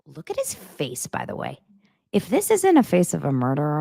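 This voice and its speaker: A woman hosting a casual true-crime commentary, talking fast with a sarcastic, incredulous edge. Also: low voice, huge pitch swings, creaky, dark tone, dry recording, studio quality. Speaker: commentary host.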